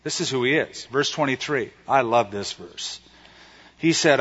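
A male preacher giving a sermon in a conversational, animated way, retelling stories and acting out quotes. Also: mid-range voice, moderate pace, long pauses, slightly rough. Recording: echoey hall, slightly dull sound.

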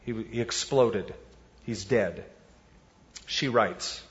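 A man preaching a sermon, animated, acting out the voices he quotes. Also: fairly high pitch, measured pace, in a large hall, dull audio. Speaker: pastor.

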